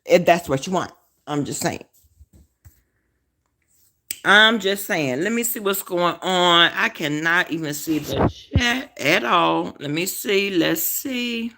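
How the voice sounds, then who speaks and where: A woman's voice: lowish voice, animated, a little slow, gravelly, hardly any pauses, fairly bright tone. Brash woman ranting on a live stream. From Alabama, US. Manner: brash, profane, trash-talking. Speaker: vlogger hosting a live stream. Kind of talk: casual live-stream chat. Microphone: phone.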